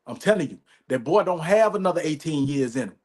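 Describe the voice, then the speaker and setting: Profane, emphatic man with a higher voice. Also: expressive, quick pace. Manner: emphatic, profane, repetitive, says "you know what I'm saying". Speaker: podcast host. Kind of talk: profane commentary rant.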